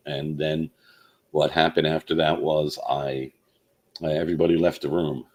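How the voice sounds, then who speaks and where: A man telling a personal story in a halting way, with many fillers and restarts. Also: rumbling low, fairly even intonation. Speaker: channel host.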